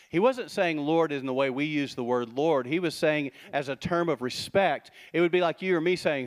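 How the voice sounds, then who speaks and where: A middle-aged man giving a sermon as pastor, talking conversationally with quick asides and rhetorical questions. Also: on the high side.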